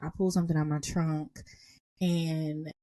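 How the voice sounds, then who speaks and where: A young woman co-hosting a casual podcast, an animated and self-described dramatic storyteller. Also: deep voice, normal speed, dry recording. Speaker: podcast co-host.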